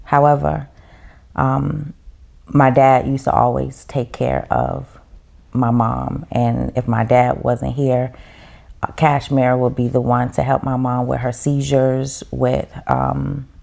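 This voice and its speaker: A woman's voice: rumbling low, level tone, slow pace, creaky, a little mellow. A woman, a podcast guest, telling her story in casual chat in a heartfelt, reflective way.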